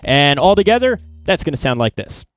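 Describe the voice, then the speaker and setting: A man's voice: a little high, big pitch swings, fairly quick, soft background music. A man teaching drums in a casual, plain-spoken way, explaining step by step with small slips. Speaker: drum teacher. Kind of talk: casual instructional talk.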